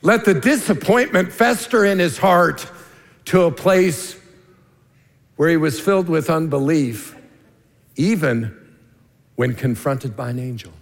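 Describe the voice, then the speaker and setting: A man preaching a sermon as lead pastor, earnest and emphatic, dropping to a hushed tone for key points. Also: a little high, lively intonation, a little slow, gravelly, pauses often. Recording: long reverb of a large hall.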